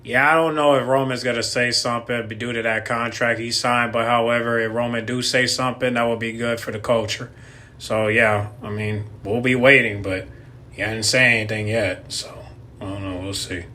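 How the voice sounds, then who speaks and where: A man with a bright, forceful voice reacts to a video. He talks in a loose, offhand way, casual and unscripted, with hesitant fillers between his thoughts. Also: medium pitch, fairly even intonation, normal speed. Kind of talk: casual commentary.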